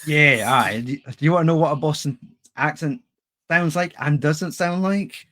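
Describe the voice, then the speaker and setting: A Scottish man co-hosting a podcast, telling relaxed anecdotes in casual chat with dry humour. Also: fairly high pitch, normal speed. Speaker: podcast co-host.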